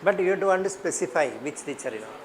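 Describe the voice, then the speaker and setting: A man's voice: high-pitched, expressive, fast, low-quality recording. Indian English man teaching a workshop. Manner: questioning, repeats points to the class. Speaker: teacher trainer.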